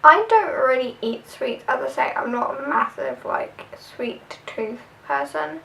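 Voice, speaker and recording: Young southern english girl rambling thru a tag vid, high voice with some fry, a bit far from the mic. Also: animated, measured pace, a bit bright, slight background noise. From southern England. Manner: chatty, rambling, filler-heavy. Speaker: vlogger. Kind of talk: casual tag video chat.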